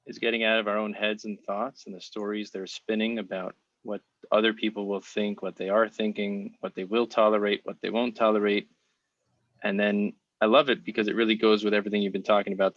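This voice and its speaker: A man's voice: fairly low pitch, little pitch movement, a little fast, no echo. A man hosting a podcast interview, speaking in an earnest, encouraging way. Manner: earnest, encouraging, wraps up with reflections. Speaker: podcast host. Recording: dry, muffled lo-fi audio.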